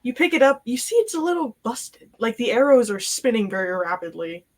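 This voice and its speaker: A woman's voice: on the high side, very animated, fairly quick. Woman game master, casual narration, filler-heavy delivery.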